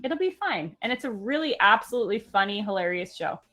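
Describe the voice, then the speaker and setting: A young woman from California in casual chat, animated and laughing as she tells stories. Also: medium pitch, fairly quick. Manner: chatty and animated, laughs while telling stories. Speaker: stream guest.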